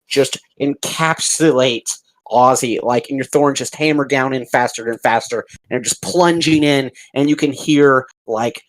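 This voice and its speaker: A man's voice: mid-range voice, a little slow, few pauses, poor audio. A man narrating as dungeon master, describing the scene vividly and rambling with fillers. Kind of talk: narrating a tabletop game.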